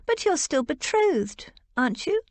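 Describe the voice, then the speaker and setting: A woman's voice: high-pitched, very animated, measured pace, no echo, voice pushed up. Sweet gushing young regency lady, read by a woman, dry close sound. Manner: gentle, gushing.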